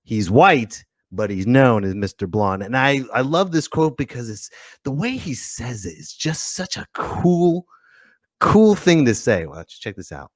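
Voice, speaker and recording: A male podcast host chats in a playful, joking manner, his pitch swinging up and down with lively energy. The recording is close and dry, with almost no room sound. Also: a little slow, dry recording. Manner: playful, jokey, animated. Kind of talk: casual livestream podcast chat.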